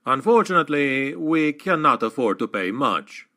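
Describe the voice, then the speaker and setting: A man doing a stern, measured master of arms. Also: mid-range voice, sing-song, sharp tone.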